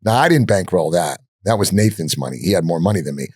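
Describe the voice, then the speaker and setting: An older man with a fairly low voice tells his stories bluntly, swearing freely and putting on the voices of the people he quotes. The sound is dry and close, with no room around it. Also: fast, slightly rough, no echo. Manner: animated storyteller, acts out quoted dialogue; profane, blunt. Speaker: podcast guest. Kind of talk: storytelling in an interview.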